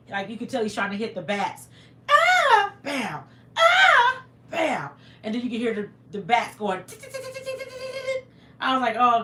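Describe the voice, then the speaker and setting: A woman's voice: fairly high pitch, a bit bright, echoey room. A woman hosting a live stream, telling a story dramatically, acting out screams and sounds, and reading viewer comments aloud. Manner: acts out screams and sound effects. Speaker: livestream host. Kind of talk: casual storytelling to a live chat.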